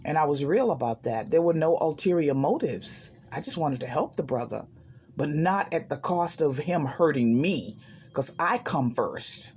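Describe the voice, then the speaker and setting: A woman hosting a self-help channel, talking in an animated, emphatic way and laughing often as she shares a spiritual monologue. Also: low-pitched, moderate pace, slight background noise.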